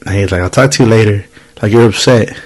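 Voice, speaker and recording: A man's voice: fairly low pitch, fast, breathy edge, rough recording. A man in his thirties hosting a podcast, telling a story in casual chat, swearing freely and acting out the people he quotes. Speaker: podcast host.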